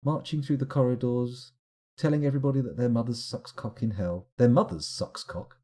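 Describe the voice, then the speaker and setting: A man giving live, rambling let's-play commentary, animated and self-mocking as he chats and wanders off on tangents. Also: medium pitch, a little fast. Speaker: streamer playing a management game.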